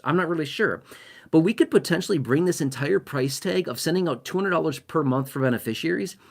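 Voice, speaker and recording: Man thinking aloud in casual commentary. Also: medium pitch. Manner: thinks aloud, rhetorical "right?" checks, frequent fillers. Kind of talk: casual talking-head commentary.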